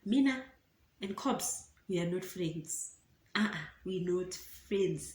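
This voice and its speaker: Low and slow, a young South African YouTuber's voice carries a dramatic story through her casual storytime vlog. She's animated and dramatic, weaving Zulu phrases into her South African accent, and the recording has an echoey room sound.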